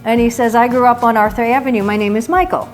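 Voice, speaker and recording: A woman from New York, a chef hosting a cooking segment in a home kitchen, telling a story in a chatty, animated way. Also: a little high, fast, soft background music. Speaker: chef and cooking show host. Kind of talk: casual storytelling chat.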